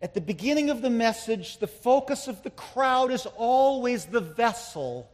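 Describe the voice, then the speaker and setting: A man preaching a sermon with impassioned delivery, building to loud, emphatic climaxes. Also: very high voice, lively intonation, moderate pace, hardly any pauses. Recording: long reverb of a large hall.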